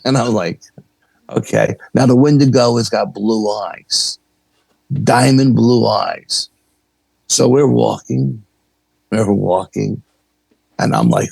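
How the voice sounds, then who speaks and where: This paranormal investigator from New York, a podcast guest, speaks slowly in a mid-range voice with vocal fry and a breathy edge. There's no room sound as he recounts a story in a casual, animated way, voicing the characters' lines himself.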